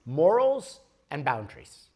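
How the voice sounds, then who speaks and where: In a workshop room, a man leads a workshop, explaining ideas patiently and frequently checking in with "okay?" His voice is a little high, with wildly swooping pitch and a measured pace.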